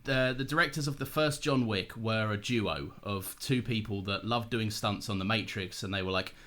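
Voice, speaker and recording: A man's voice: fairly low pitch, moderate pace, pushed and bright. A man co-hosting a podcast, chatting casually and explaining background details at length. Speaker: podcast co-host. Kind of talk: casual chat.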